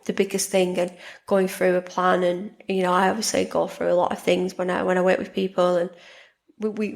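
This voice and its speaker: A woman hosting a podcast, talking casually and warmly about her own life, often repeating words and restarting sentences. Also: medium pitch, vocal fry. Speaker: podcast host and life coach. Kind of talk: casual monologue.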